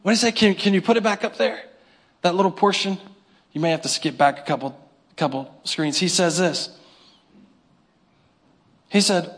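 A man preaching a sermon to his congregation, animated, with call-and-response and little acted-out scenes. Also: fairly high pitch, moderate pace, long pauses. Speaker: pastor.

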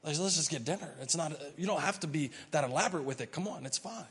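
A man doing a relaxed, reassuring teacher. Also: high-pitched, a little fast, breathy edge, pitched above the performer's own voice, exaggerated voice. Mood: soothing. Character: calm teacher soothing a worried host. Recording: reverberant church hall.

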